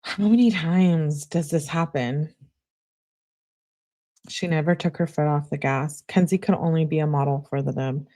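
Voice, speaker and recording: A young woman with a low-pitched voice reads text message exchanges aloud in a true crime commentary. She drops in brief asides of her own between the quoted messages. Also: unhurried, mellow.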